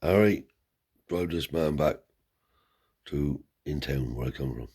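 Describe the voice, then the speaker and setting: A man voicing a generous, bossy old bearded grandfather who fires off brisk questions. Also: very deep voice, dark tone, husky, exaggerated voice. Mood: commanding.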